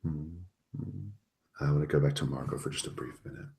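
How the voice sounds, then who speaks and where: A man narrating as game master in a relaxed, chatty way. His voice is very deep. He leans on filler words as he describes the scene. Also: brisk, creaky. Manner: casual, many filler words.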